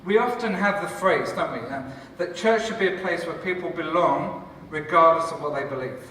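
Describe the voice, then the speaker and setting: Bright-voiced Englishman joking in an echoey hall. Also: on the high side, normal speed, far from the mic, slight background noise. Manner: enthusiastic, joking, chatty with the audience. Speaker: church leader and cafe founder. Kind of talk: conference talk to a live audience. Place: large conference hall.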